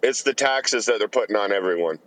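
A man's voice: fairly low pitch, fairly quick, a bit bright, dry recording, poor audio. A man calling into a podcast while driving, talking in a blunt, opinionated way. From Canada. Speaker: caller.

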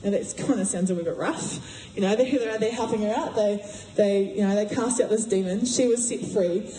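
A woman giving a sermon in a chatty, animated way, acting out voices as she retells a story. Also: medium pitch, moderate pace, a little hiss or hum. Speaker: preacher. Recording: echoey room.

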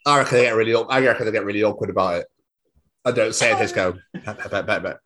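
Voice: mid-range voice, fairly bright tone, slight background noise. A podcast host in casual comedic chat, laughing often and swearing freely. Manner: giggly, sweary, quick to do voices.

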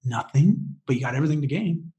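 A man talking as a podcast guest and coach, enthusiastic and quick to laugh as he shares advice. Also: mid-range voice, lively intonation, dark tone, dull audio. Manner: enthusiastic, fired up, laughs often. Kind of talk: animated interview conversation.

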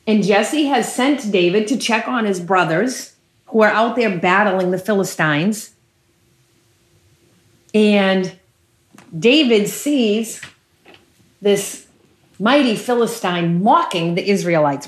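A woman's voice: mid-range voice, slow, pauses often. Emphatic woman preaching, echoey room. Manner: animated, emphatic storytelling with repetition. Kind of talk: sermon. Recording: roomy echo.

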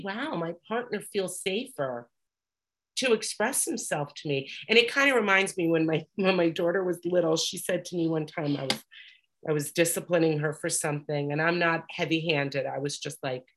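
Middle-aged woman, slightly low voice, earnest recovery share, loose and conversational. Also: a bit bright. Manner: earnest, conversational, many fillers; reads aloud from a book at times. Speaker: recovery speaker sharing experience.

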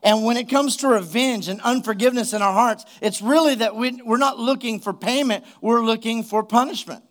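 A man with a high, light voice preaches a sermon. He drives his points home with emphasis and keeps asking the congregation rhetorical questions. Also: brisk, a bit bright. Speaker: pastor.

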